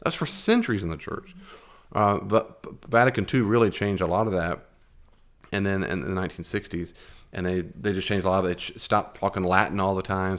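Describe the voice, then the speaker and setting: Man giving a rambling Bible lesson. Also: low-pitched. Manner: conversational and digressive, with emphatic asides. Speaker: Bible teacher.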